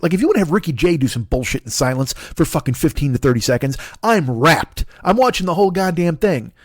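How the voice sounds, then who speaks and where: A man in his forties rants through a comic monologue, swearing freely and circling back on himself. He talks fast with a lively pitch that jumps high and low. The sound is dry and close. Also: no echo. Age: 40s. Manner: profane, animated, rambling with restarts. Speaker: comedian podcast host.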